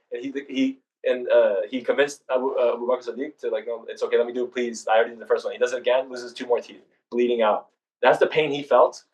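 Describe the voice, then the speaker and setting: Young man, fast casual talk, lots of restarts, a bit off-mic in a room. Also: medium pitch, recorded from a distance, highs cut off. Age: young adult. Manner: rushed, casual, with many restarts and fillers. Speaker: student discussion leader. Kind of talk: informal religious history talk.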